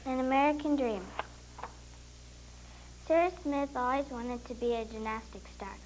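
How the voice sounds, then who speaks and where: A woman's voice: high-pitched, moderate pace, darkish tone, slight background noise, rough recording. A third-grade girl reading her own story aloud in a careful, plain way. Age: child.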